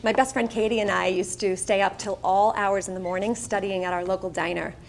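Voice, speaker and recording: In an event room at a charity breakfast, a middle-aged Long Island woman gives a personal storytelling speech, candid and poking fun at herself with wry asides. Her mid-range, gravelly voice holds a steady tone and brisk pace, with slight background noise.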